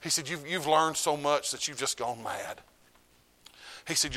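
A middle-aged man, preaching a sermon as pastor. He swings from loud declarations to low, hushed lines. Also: unhurried, long pauses.

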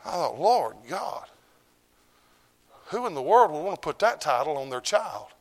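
A middle-aged man, preaching a sermon as pastor. He swings from loud declarations to low, hushed lines. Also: big pitch swings, a little slow.

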